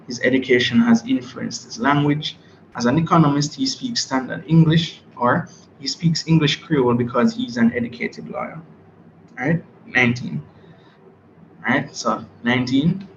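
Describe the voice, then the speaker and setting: A man's voice: mid-range voice, fairly even intonation, moderate pace, a little hiss or hum. Man teaching an online review class. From Jamaica. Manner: checks chat for answers, reads multiple-choice questions aloud. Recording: dull, echoey room audio.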